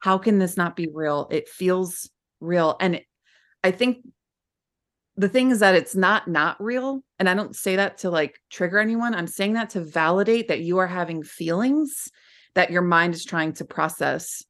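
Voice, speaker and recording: During a candid conversational interview, a former client appearing on a podcast talks heartfeltly, rambling and often starting over. Her voice is on the low side, a bit bright, at a moderate pace.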